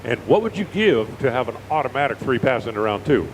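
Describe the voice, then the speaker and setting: A man's voice: medium pitch, brisk, poor audio. A middle-aged American man doing chatty, folksy live drag racing commentary at an outdoor raceway. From United States. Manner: chatty, folksy, animated storyteller. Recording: faint outdoor engine noise.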